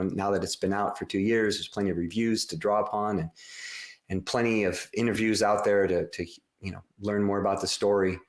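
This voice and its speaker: Deep-voiced guy rambling on his podcast, lots of ums and restarts, roomy echo. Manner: rambling, many fillers and restarts. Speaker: podcast host and author. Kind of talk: casual podcast talk.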